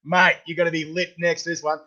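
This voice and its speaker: An Australian man hosts a casual interview, chatty and stumbling as he repeats words. His voice sits fairly high. The recording sounds dull and lo-fi. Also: flat delivery, a little fast, sharp tone. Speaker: podcast host.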